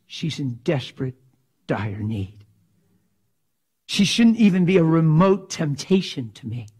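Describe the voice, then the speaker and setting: Man, pastor, sermon, impassioned, folksy slang, loud to whispered, higher pitch. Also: big pitch swings, unhurried, slightly rough. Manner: folksy, drops into slang like "ain't".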